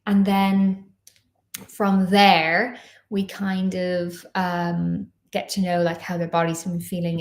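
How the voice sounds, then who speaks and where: A woman's voice: on the low side, reverberant. A woman dance teacher chatting casually in a Q&A, rambling a little with lots of fillers. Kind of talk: casual Q&A chat.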